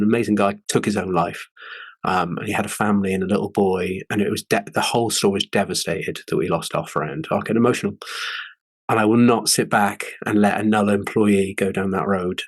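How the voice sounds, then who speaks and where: Podcast host, male, 40s, earnest and open, lowish voice, dead-dry recording. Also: breathy edge, no echo. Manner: earnest, candid storytelling. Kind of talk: casual podcast chat.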